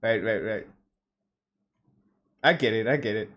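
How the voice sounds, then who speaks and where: A man's voice: lowish voice, a little slow, a bit bright. Laid-back non-native English-speaking man. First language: not English. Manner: laid-back, slangy, says yo and damn. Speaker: host. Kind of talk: casual chat.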